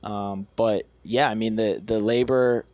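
A young man with a slightly low voice speaks in a dry, close recording. He chats as a podcast guest, earnest and self-assured, and often backs up to restart a phrase. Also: steady tone, unhurried, a little mellow, dry recording. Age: young adult. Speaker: podcast guest, business owner. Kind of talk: casual podcast chat.

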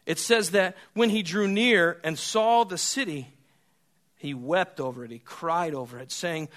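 Bright-voiced male preacher. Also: fairly high pitch, unhurried. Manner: preaching with swings between hushed and loud. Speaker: pastor. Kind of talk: sermon.

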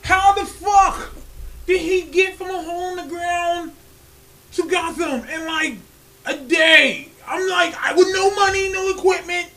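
A man co-hosting a podcast, talking loudly and excitedly, swearing freely and laughing often in casual chat. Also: very high-pitched, a little slow. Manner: loud, animated, swears a lot, laughs often. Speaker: podcast co-host.

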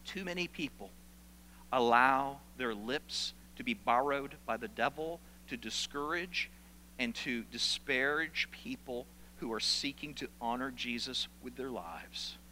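A man's voice: mid-range voice, expressive, measured pace, sharp tone, in a large hall, a little hiss or hum, rough recording. A man preaching a sermon as pastor, animatedly acting out the complaints of church members.

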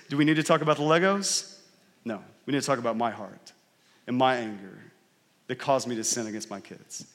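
In a mid-range, slightly bright voice, a pastor in his thirties talks through a conversational sermon under long hall reverb. He frequently asks the crowd "right?" to check in with them.

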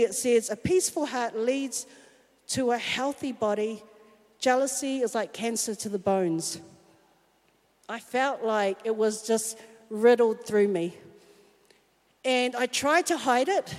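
A woman telling a candid, self-mocking personal story in a sermon. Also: on the high side. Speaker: speaker at a church talk. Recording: long hall reverb.

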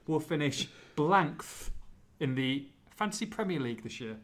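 A man's voice: on the high side, moderate pace. Upbeat man hosting a podcast quiz. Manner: upbeat, bantering, lively delivery. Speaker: podcast host.

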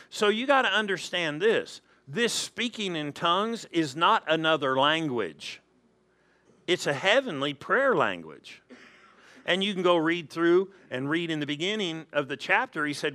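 A man preaching a sermon in church, animated and acting out quoted voices. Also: a little high, measured pace. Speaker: pastor.

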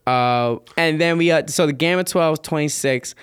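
A man's voice: fairly high pitch, moderate pace, smooth, dry recording, clean studio sound. A man co-hosting a casual sneaker podcast, rambling, joking and swearing freely. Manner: rambling, profane, jokey. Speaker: podcast co-host. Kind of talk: casual chat.

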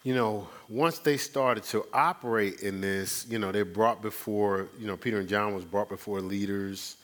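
Animated low-voiced man preaching. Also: moderate pace. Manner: animated, acts out quoted exchanges with rising pitch; frequent fillers and restarts, chuckles. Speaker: pastor. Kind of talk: conversational sermon teaching.

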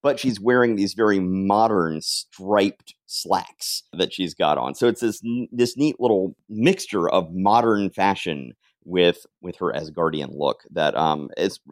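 A man's voice: low voice, animated, measured pace, hardly any pauses, no room sound, studio quality. A man co-hosting a podcast, recapping a comic book in casual chat and acting out the characters' lines now and then. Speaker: podcast co-host.

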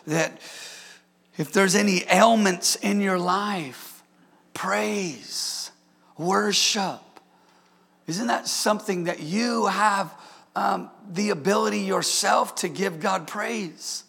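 A man's voice: high-pitched, takes it slowly, creaky, a bit bright, breathy edge, big-room sound. A man preaching a sermon as pastor, emphatic, repeating himself and calling out to the congregation. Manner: emphatic preaching with repetitions and audience call-outs.

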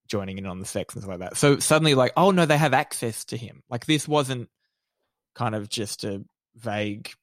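A man with a lisp co-hosting a relaxed podcast, his voice at an ordinary middle pitch. He rambles and hesitates, leaning on "like" and "kind of" as he thinks aloud. The recording is dry and close to the mic. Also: fairly quick, no echo. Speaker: podcast co-host. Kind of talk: casual chat.

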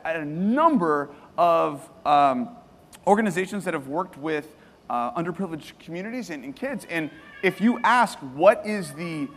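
A man preaching a sermon to a congregation, lively and joking, asking them questions and repeating their answers. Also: fairly high pitch, big-room sound, a little hiss or hum. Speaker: pastor. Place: church hall.

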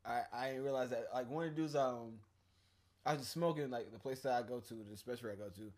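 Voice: mid-range voice, quick pace, a little mellow. A podcast co-host in casual chat, loose and storytelling, laughing often.

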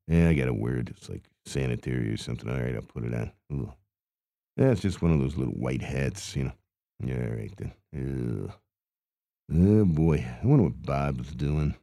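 A man putting on a hapless carnival cotton candy vendor with an extremely deep, gravelly voice, mumbling and stammering through his shift between weary groans. The tone is dark and muffled, and the voice sits close and dry with no room sound at all. It plays as a mumbled, improvised character monologue. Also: dry recording.

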